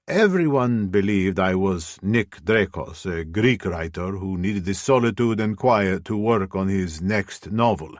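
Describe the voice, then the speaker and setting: A man reading a first-person audiobook in a measured, brooding way. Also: deep voice, animated, no room sound, clean studio sound. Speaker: audiobook narrator.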